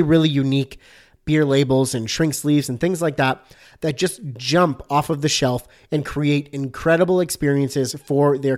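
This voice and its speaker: A man's voice: fairly high pitch, darkish tone. A man hosting a casual solo podcast about design, upbeat and chatty, with many fillers.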